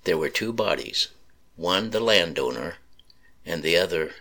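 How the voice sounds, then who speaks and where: A man slowly narrating a sad story in a solemn reading voice. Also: low voice, expressive, creaky, sharp tone.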